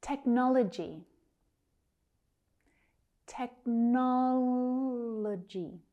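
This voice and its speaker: A woman teaching English pronunciation, saying words slowly and carefully with drawn-out enunciation, then using them in example sentences. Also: fairly high pitch, darkish tone. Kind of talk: pronunciation lesson.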